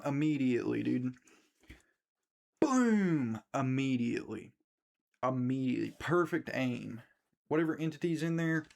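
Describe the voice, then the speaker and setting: A man in a casual, profane rant about a movie, using lots of slang and swearing, and acting out the characters' lines as he retells them. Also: medium pitch. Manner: slangy, swears constantly, acts out quotes. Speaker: movie reviewer.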